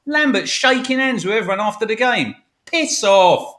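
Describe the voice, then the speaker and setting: A man's voice: sits high, lively intonation, normal speed, bright, forceful tone. A man on a fan show ranting angrily about his football club, sweary and emphatic, over a video call. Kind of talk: heated football fan rant.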